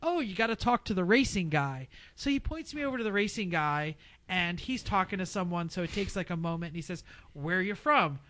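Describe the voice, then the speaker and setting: A man co-hosting a casual podcast, telling animated stories and acting out other people's lines. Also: sits high, brisk. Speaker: podcast co-host.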